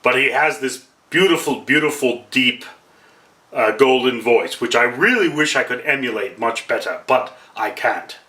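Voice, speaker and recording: Rambling self-deprecating man, bright voice. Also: mid-range voice, lively intonation, normal speed, echoey room, recorded from a distance. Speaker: vlogger. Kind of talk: casual monologue to camera.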